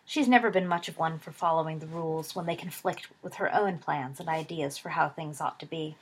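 A woman's voice: sits low, a little fast, slightly rough. A woman voicing a cheerful, joking teenage boy. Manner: bright, jokey.

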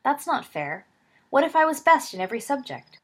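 A woman's voice: high-pitched, pitched above the performer's own voice. A woman reading as a smug, boastful schoolboy wizard. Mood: cocky. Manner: boastful, quick and excitable.

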